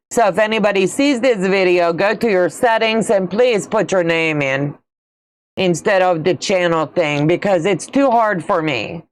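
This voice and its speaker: Middle-aged woman, folksy livestream host, lowish voice, unhurried delivery. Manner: chatty, folksy, reads out and answers viewer comments. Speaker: quilting channel host. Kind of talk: casual livestream chat.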